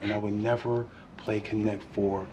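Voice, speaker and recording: An actor playing a poor, kindly middle-aged man who flirts in a smooth, earnest way and often drops to hushed tones, in a comedy film. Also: on the low side, level tone, moderate pace, background noise, close to an everyday voice. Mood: smooth, flirty.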